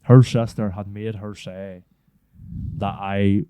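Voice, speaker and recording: A man's voice: lowish voice, little pitch movement, slow, dark tone, clear, resonant tone, no echo. A young man, telling a rambling school story on a podcast, swearing freely and acting out the people in it. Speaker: podcast co-host. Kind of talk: casual storytelling chat.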